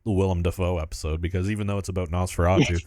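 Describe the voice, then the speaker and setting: A man's voice: low-pitched, fairly even intonation, very fast, warm tone, no echo, studio quality. A man co-hosting a film podcast, talking casually and enthusiastically, rambling and laughing often. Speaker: podcast co-host.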